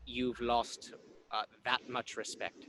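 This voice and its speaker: A man's voice: medium pitch, level tone, slow pace, a crowd in the background. A man playing a tabletop game, joking and bantering playfully with the others. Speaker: player. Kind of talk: casual tabletop game play.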